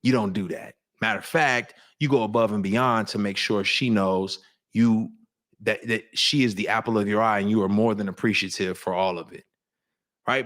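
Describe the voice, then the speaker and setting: A man's voice: fairly low pitch, steady tone, normal speed, fairly bright tone. A man speaking as an interview guest, telling a personal story in an earnest, reflective way, often restarting his sentences. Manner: confessional.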